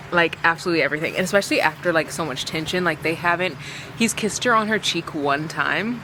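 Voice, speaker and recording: A woman's voice: on the low side, noisy background. A young woman vlogging about books in a casual, chatty way, full of fillers. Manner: chatty, filler-heavy, reads dialogue aloud. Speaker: book vlogger.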